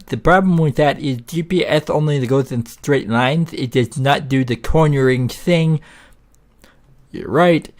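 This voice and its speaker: A man's voice: mid-range voice, expressive, a little slow, darkish tone. A man hosting a gaming video, rambling and ranting with plenty of swearing in casual gameplay commentary.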